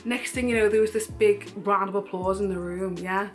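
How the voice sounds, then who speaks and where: A woman's voice: medium pitch, normal speed, faint music behind. Candid young woman telling a story. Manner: candid, animated retelling with frequent fillers. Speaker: vlogger. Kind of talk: casual storytelling vlog.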